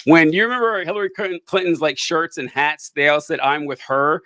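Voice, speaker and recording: A man's voice: a little high, fairly even intonation, brisk, sharp tone, no echo. A man co-hosting a podcast, talking politics casually, rambling with fillers and sarcastic asides. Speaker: podcast co-host.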